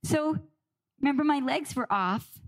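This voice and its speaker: A middle-aged woman telling a personal story with dramatic pauses and emotion. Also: high voice, animated. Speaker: guest speaker.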